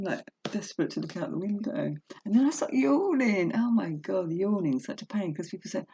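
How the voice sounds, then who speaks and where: A woman vlogging from home indoors reads a self-help book aloud, then rambles emotionally about her life in a casual personal vlog. Her lowish voice is creaky, warm and slightly rough, and the laptop webcam recording sounds muffled.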